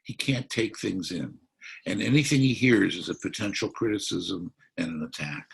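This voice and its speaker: A man's voice: low voice, normal speed, vocal fry, slight background noise. A man speaking as a psychiatrist at a political forum, explaining his analysis.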